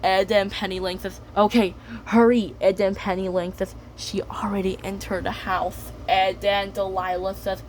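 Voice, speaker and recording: A woman's voice: mid-range voice, completely flat delivery, normal speed, few pauses, slight background noise. A woman narrating an improvised story in a rambling way, chaining events with "and then".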